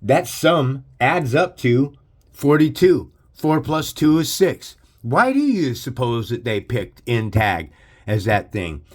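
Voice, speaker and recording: A man's voice: medium pitch, big pitch swings, slow pace. A man hosting his channel with an aggressive, profane, preachy religious rant. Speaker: channel host. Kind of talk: ranting religious commentary.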